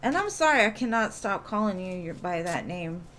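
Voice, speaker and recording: A woman's voice: mid-range voice, sing-song, moderate pace, a bit bright, slight background noise. A woman doing live tarot readings, talking in a chatty, reassuring way with lots of casual fillers. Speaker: tarot reader.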